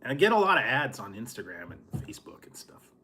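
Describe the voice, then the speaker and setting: A man's voice: mid-range voice, big pitch swings, fast talker, bright, forceful tone, slight background noise. A man hosting a casual food review vlog, rambling and chuckling often.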